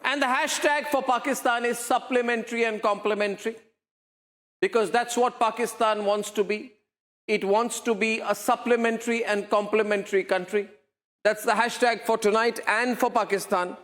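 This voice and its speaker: A male news anchor delivers opinionated commentary in a strikingly high register. He is emphatic and mocking and keeps hammering rhetorical questions. A long reverb hangs behind his voice. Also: fairly even intonation, moderate pace, a bit bright.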